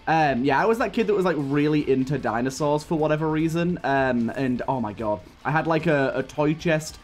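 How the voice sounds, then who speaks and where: A young man runs a gaming channel and, over faint game music, rambles through a childhood story while grumbling at his run, breaking off in frustrated outbursts at the game. His slightly high, expressive voice moves at a moderate pace.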